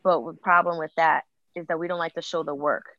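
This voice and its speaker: A woman's voice: low-pitched, a little fast, highs cut off, a little hiss or hum. Candid woman in her late twenties. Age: late 20s. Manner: open, animated storytelling with acted quotes. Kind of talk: candid conversation.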